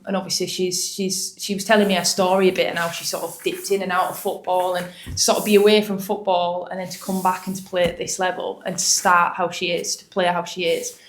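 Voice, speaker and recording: A woman's voice: on the low side, echoey room. A woman footballer from Hull with a Hull accent, answering post-match questions in a chatty, self-deprecating way. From Hull, England. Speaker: footballer at a press conference.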